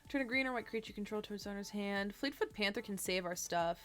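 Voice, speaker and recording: A woman's voice: mid-range voice, fast talker, a bit bright, soft background music. A tired woman casually chatting on a livestream as she builds a card deck, thinking aloud, humming and trailing off. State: tired, yawning.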